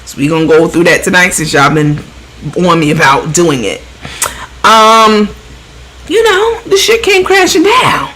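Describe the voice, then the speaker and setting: A woman's voice: mid-range voice, expressive, moderate pace, sharp tone, poor audio. A woman hosting a casual gossip commentary show, blunt and profane, mocking the people she talks about and mimicking their voices. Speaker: show host.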